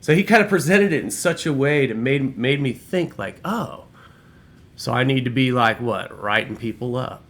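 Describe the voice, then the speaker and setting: A man's voice: mid-range voice, moderate pace, few pauses, a bit bright. A middle-aged man telling a long workplace story in a casual, rambling, profane way, with lots of restarts. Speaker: former restaurant shift manager telling a story.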